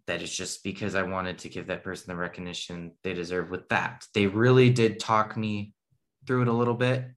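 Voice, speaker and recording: A man's voice: deep voice, level tone, brisk. A man telling a story in casual chat, rambling and correcting himself, laughing at his own tale.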